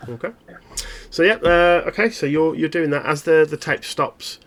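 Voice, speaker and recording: A man narrating a tabletop horror game as game master, in halting, descriptive storytelling. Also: fairly high pitch, a bit bright, slight background noise.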